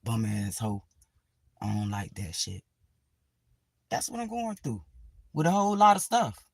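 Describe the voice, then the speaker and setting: A woman's voice: a bass voice, very animated, unhurried, husky, dry recording. A woman vlogger in a profane, sarcastic ranting monologue, full of dramatic asides.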